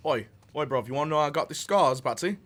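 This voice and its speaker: A man's voice: on the high side, lively intonation, quick pace, fairly bright tone, a little hiss or hum. A man voicing an unhinged male villain in a put-on Scottish accent, rambling menace. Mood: menacing. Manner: rambling menace broken by laughter.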